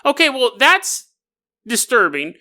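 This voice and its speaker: A woman's voice: high voice, very animated, measured pace, sharp tone, voice pushed up, full character voice. A man doing a suspicious, prodding grandma. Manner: prodding, incredulous.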